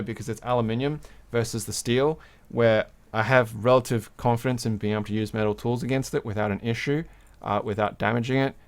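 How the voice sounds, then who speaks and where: A man hosts a casual livestream from his workbench and explains each step as he works. He is chatty and relaxed in delivery, with a mid-range voice and the odd laugh. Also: mid-range voice. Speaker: livestream host. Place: home workbench.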